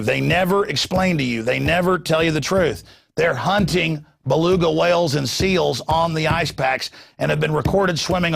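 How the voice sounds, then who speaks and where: A male host rants in a heated, sarcastic, rambling way. His voice sits a touch high and has a gravelly fry running through it. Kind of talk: ranting political commentary.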